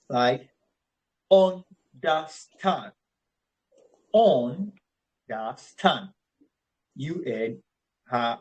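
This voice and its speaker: Slow-paced male English tutor. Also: medium pitch, a little hiss or hum, low-quality recording. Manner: slow, repeats words to teach stress, checks with "all right". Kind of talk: online phonics lesson.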